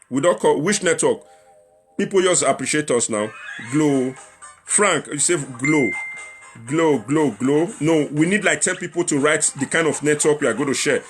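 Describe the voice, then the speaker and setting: A young adult man with a Nigerian accent hosts a casual livestream talk show, chatting, repeating himself and appealing to viewers while slipping into Pidgin. His voice is medium-pitched and a bit bright.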